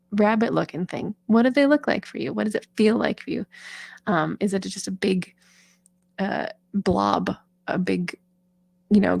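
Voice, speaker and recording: A woman's voice: mid-range voice, gravelly, a little mellow, no echo. A woman singer and vocal coach giving chatty, encouraging advice in a casual talk, with lots of fillers.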